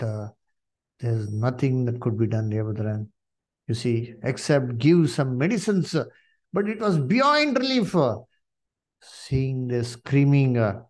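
A man's voice: mid-range voice, darkish tone. A man with an Indian English accent preaching a sermon with passion, filling his talk with "you see" and "uh". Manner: impassioned, frequent "you see" and "uh".

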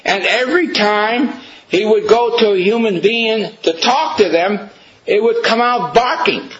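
A man's voice: high voice, measured pace, fairly bright tone, dull audio. A man preaching a storytelling sermon, emphatic and questioning his listeners.

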